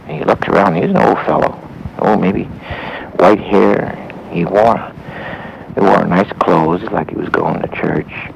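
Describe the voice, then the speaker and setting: A man tells a Christian story in a halting way, pausing and going back over his words. His voice is low and very gravelly, with faint wind noise behind it. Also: rough recording. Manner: halting, with pauses and restarts. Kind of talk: spoken Christian story for listeners.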